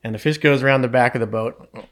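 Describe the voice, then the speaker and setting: Animated man telling a fishing story. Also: mid-range voice, fast. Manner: animated, repeats words when excited. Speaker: fishing guide guest. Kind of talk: casual storytelling.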